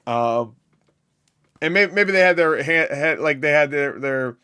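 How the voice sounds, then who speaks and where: A man's voice: on the high side, unhurried, a bit bright, smooth. A man hosting a casual movie reaction, rambling, swearing freely and laughing at his own asides.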